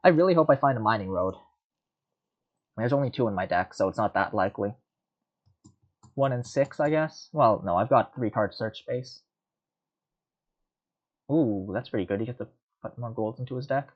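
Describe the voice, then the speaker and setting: A man's voice: medium pitch, lively intonation, normal speed, long pauses, muffled recording. A man giving casual, rambling commentary while playing a card game, muttering and mocking himself.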